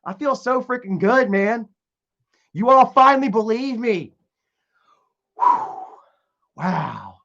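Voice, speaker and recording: A young man with a fairly high voice rambles through a casual live stream, reading viewer comments aloud. He stumbles, repeats himself and restarts his sentences. The sound is dull and lo-fi. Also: fairly bright tone.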